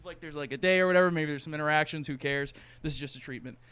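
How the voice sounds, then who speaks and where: A man's voice: fairly high pitch, rapid-fire, pushed and bright. A man hosting a podcast, casually retelling a movie plot with lots of swearing and laughter. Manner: profane, laughing storyteller. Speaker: podcast host.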